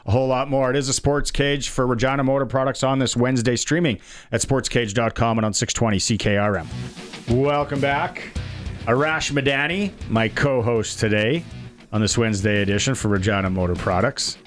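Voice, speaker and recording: A man's voice: mid-range voice, brisk, faint music behind. Canadian man hosting sports radio. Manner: chatty, reads plugs and sponsor lines. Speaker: radio sports show host. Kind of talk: casual sports radio talk. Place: radio studio.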